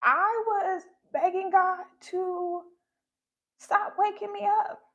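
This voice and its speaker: A woman speaking on a live stream about her faith, halting and emotionally open. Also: very high voice, steady tone, fairly bright tone, highs cut off. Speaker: spiritual content creator.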